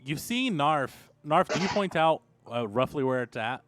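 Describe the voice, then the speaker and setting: A man's voice: a little high, lively intonation, normal speed, noisy background. A man running a tabletop role-playing game, describing the scene and calling for dice rolls. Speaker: game master.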